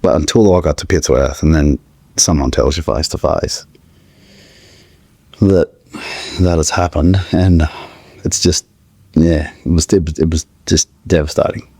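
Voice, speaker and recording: Gravelly low-voiced man. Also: steady tone, warm tone, no room sound, studio quality. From Australia. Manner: halting, searching for words, with restarts. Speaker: podcast guest. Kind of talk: emotional personal storytelling.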